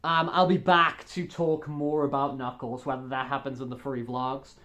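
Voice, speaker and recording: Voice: medium pitch, level tone, moderate pace, fairly bright tone. A furry vlogger chatting casually to camera, rambling with lots of fillers and restarts, upbeat and enthusiastic as they address viewers directly.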